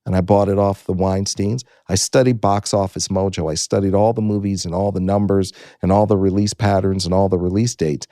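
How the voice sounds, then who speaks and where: A man in his sixties from the United States tells his story as a guest in an interview. His voice sits low and mellow, and he hammers home each point by repeating it. The sound is close and dry. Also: steady tone, fairly quick, hardly any pauses, dry recording. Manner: emphatic, repeats key phrases.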